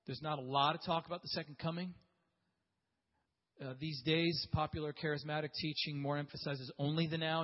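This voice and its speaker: A man's voice: fairly high pitch, breathy edge. A man teaching a class in a conversational way, with restarts and asides to his listeners. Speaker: Bible teacher. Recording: dull audio in a reverberant hall.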